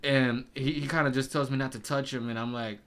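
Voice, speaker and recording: Profane, animated young man telling a story. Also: medium pitch, a little fast. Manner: profane, animated, laughs often. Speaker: podcast guest. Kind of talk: casual storytelling chat.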